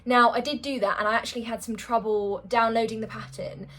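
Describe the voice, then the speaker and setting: A woman's voice: a little high, steady tone, brisk, bright, forceful tone, slight background noise. A woman chatting casually to camera about her sewing, a bit out of breath and rambling in a self-deprecating way. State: a little out of breath. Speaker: sewing vlogger.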